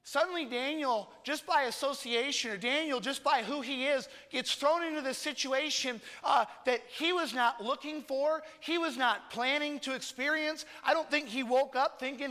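A man's voice: extremely high pitch, normal speed, few pauses, sharp tone. A man preaching a conversational sermon with casual joking asides and emphatic points, in a church. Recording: long reverb in a large hall.

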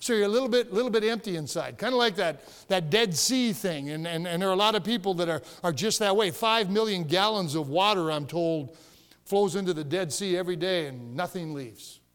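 Pastor, male, high-pitched, emphatic storyteller; church hall with long reverb. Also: animated, fairly quick, clean tone. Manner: storytelling, emphatic, rising to shouts. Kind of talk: sermon. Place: church sanctuary.

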